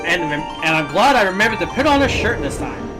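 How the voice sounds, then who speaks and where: A chatty, excitable man rambling through casual commentary as he streams a game. His voice rises and falls a lot, and game music plays clearly under his talk. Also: high voice, fairly quick.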